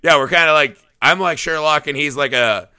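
Male podcast host, casual, swears a lot, sharp tone, crisp delivery. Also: on the high side, a little fast, no echo, studio quality. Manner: loose, joking, swears often. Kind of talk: casual movie podcast chat.

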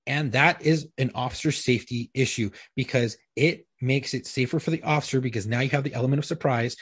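Husky ex-cop man telling blunt profane stories. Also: medium pitch, brisk, a bit bright, no echo. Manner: profane, storytelling with acted-out quotes. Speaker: former police officer. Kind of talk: casual podcast chat.

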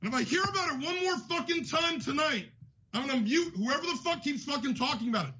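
Male podcast host, very high bright voice, angry profane rant, lo-fi sound. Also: lively intonation, fast talker. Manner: furious, profane, shouting. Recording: dull lo-fi audio.

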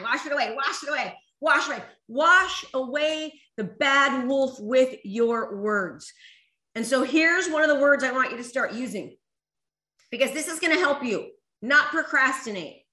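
A woman giving an energetic motivational talk to a live audience, repeating phrases and rallying the crowd to join in. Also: high voice, quick pace. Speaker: motivational speaker. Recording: echoey room.

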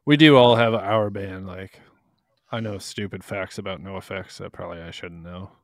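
A man's voice: sits low, fairly even intonation, moderate pace, dry recording. A man co-hosting a podcast, making dry, teasing remarks in casual chat. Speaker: podcast co-host.

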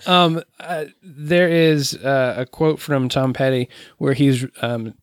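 Relaxed man co-hosting a music podcast. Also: mid-range voice, slow, dry recording, clean studio sound. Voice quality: relaxed, filler-heavy, enthusiastic. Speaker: podcast co-host. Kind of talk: casual music podcast chat.

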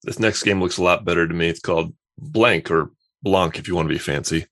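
A man with a very low, gravelly voice, chatting casually about games. He talks with easy enthusiasm, often pausing to restart his thoughts. The sound is close and dry. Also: fairly bright tone, dry recording. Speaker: podcast co-host. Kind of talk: casual chat.

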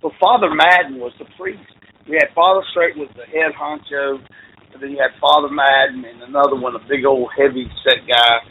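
A man's voice: medium pitch, brisk, narrow, tinny audio, a little hiss or hum. A middle-aged man, a football coach telling folksy stories over the phone in an interview. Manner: animated, folksy storyteller with laughs. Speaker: high school football coach.

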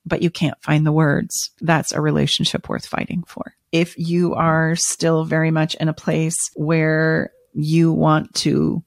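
A woman's voice: deep voice, monotone, unhurried, creaky, few pauses, no echo, studio quality. A woman co-hosting a relationship podcast. She talks earnestly and encouragingly, straight to the listener. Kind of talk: casual podcast coaching talk.

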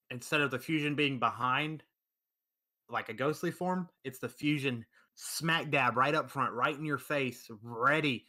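A man's voice: mid-range voice, sharp tone. A man co-hosting a casual podcast, reading out game stats with enthusiasm and playful asides, on a computer mic over a remote call. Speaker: podcast co-host.

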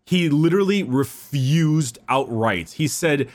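A man's voice: a little high, animated, slow, a little mellow. A man casually telling a long story, rambling with fillers and restarts.

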